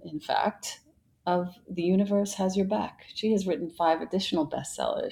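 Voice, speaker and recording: A woman hosting a podcast, speaking in a soft, unhurried way through her ad read and her introduction. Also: low voice, fairly even intonation, slightly rough. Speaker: podcast host.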